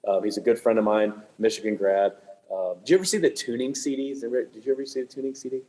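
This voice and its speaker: A man leading a clinic for music teachers, talking in a quick, chatty, joking way with lots of fillers and restarts. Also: mid-range voice, fairly even intonation, dark tone, poor audio. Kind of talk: casual clinic presentation. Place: room with attendees present, also on video call.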